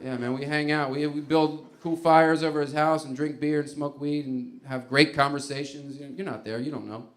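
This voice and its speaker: A man's voice: a little high, steady tone, moderate pace, hardly any pauses, slight background noise. A man doing a rambling stand-up comedy routine, chuckling and acting out little quotes. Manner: rambling, laughing, acts out quotes.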